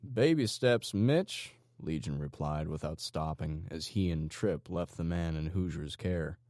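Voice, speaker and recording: A man narrating an audiobook in an expressive, storytelling way. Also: rumbling low, a little slow, dry recording, clean studio sound. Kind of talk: scripted narration.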